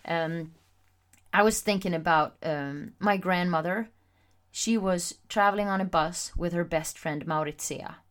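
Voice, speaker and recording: Female podcast host, lowish voice, candid and expressive solo storytelling with frequent filler pauses. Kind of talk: personal storytelling monologue.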